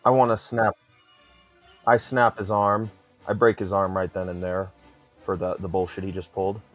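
A man's voice: low-pitched, little pitch movement, moderate pace, faint music behind. A man playing a tabletop role-playing game, talking intensely and aggressively with lots of swearing. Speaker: player.

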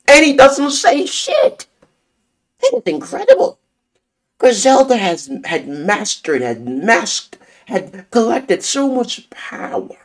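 A man giving a casual, theatrical spoiler review of a series, swearing freely as he talks. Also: high voice.

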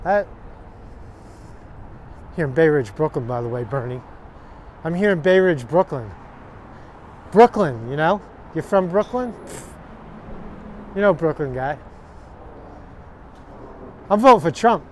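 A man's voice: fairly high pitch, lively intonation, measured pace, long pauses, slight background noise. A man ranting to camera outdoors on a city street, profane, sarcastic and combative. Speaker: vlogger. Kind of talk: angry political rant to camera.

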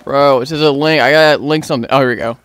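A young man giving gameplay commentary as a gaming YouTuber, excitable and slangy, often yelling in panic. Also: medium pitch, fast talker, clean tone, no room sound.

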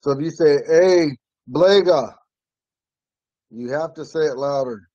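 A man teaching an online language class from his home, patiently repeating words slowly for learners. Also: mid-range voice, fairly even intonation, mellow, no room sound, highs cut off.

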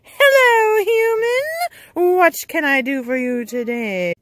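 A woman's voice: very high-pitched, animated, slow, fairly bright tone, a little hiss or hum, pitched above the performer's own voice, heavily acted. A woman voicing a sly, mischievous female toy creature who teases in an amused way. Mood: teasing. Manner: teasing, amused.

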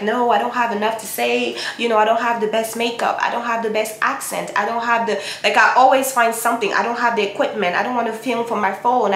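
A woman's voice: fairly high pitch, fairly bright tone, roomy sound, slight background noise. A woman giving a motivational Bible talk to her viewers, urging and repeating herself like a preacher. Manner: emphatic and repetitive, preacher-like exhortation. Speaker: Christian YouTuber giving encouragement.

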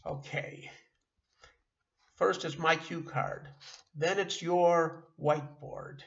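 Slow-talking middle-aged man teaching. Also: a little high, fairly even intonation, gravelly, a bit bright, lo-fi sound. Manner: halting, with frequent uh and self-corrections. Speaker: Yiddish teacher. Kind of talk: online beginner language lesson.

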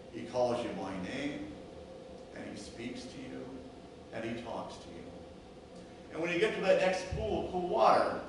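Male pastor, storytelling sermon, voice booming around a big echoey church, distant mic, noisy room. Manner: storytelling sermon, acting out voices of a hurt sheep and a calm shepherd. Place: church sanctuary.

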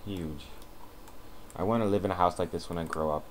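A man's voice: deep voice, fairly even intonation, fairly quick. A man giving casual gameplay commentary, sarcastic and swearing as he talks at the game characters, at a desk mic. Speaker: let's play commentator. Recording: noisy home recording with keyboard clicks.

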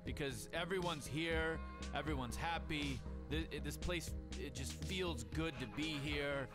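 A man's voice: fairly high pitch, measured pace, lightly acted. A man voicing a dopey blissed-out alien boss. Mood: blissful. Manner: dreamy, rambling, stammering. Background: game music.

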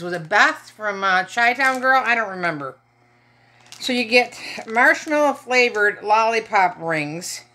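A woman's voice: mid-range voice, bright, forceful tone, a little hiss or hum. Chatty joking Michigan woman vlogger. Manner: chatty, joking asides to viewers. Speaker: haul vlogger. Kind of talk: casual haul chat to camera.

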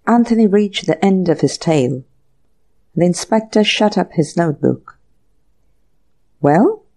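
A woman narrating a classic mystery audiobook in a measured storytelling manner. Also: lowish voice, expressive, darkish tone. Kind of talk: scripted narration.

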